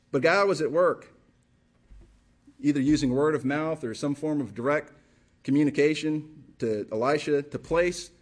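A male pastor preaching a sermon with passion, firing rhetorical questions and repeating phrases for emphasis. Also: mid-range voice.

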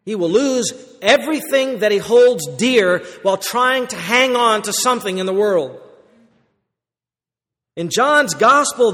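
A man's voice: sits high, a bit bright. Man, preacher, earnest sermon, stresses key words, long hall reverb.

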